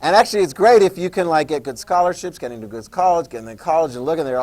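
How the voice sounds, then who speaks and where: A man's voice: on the high side, lively intonation, fast talker, few pauses, darkish tone, rough recording. A man teaching a history class in a joking lecture style, quizzing students and acting out quotes.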